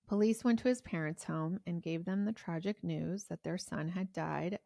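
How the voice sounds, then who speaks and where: A woman's voice: on the low side, vocal fry, darkish tone, no echo. A woman hosting a podcast, telling a true crime story in a chatty way with many fillers. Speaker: podcast host.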